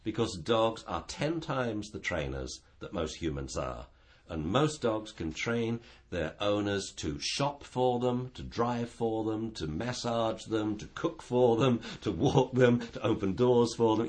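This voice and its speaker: A man talking about dog training in a casual chat, animated and acting out little dialogues. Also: on the low side, measured pace.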